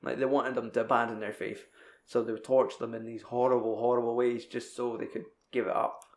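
A young man tells a film's story in a loose, sweary ramble. His voice sits at an ordinary middle pitch and rings around an echoey room. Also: little pitch movement, fairly quick. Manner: rambling, sweary film recap. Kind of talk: casual chat.

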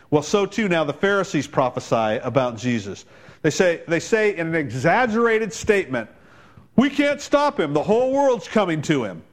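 A male pastor preaching a sermon, quoting people in quick voiced asides and building to loud, emphatic climaxes. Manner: preaching with dramatic rises in pitch and volume; quotes others in voiced asides.

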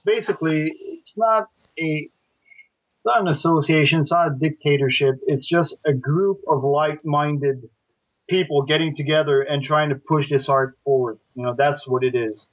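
Halting man, dull lo-fi sound. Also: on the high side, no echo. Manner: halting, full of fillers and repeated starts. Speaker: catch wrestling instructor, guest. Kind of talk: casual podcast chat.

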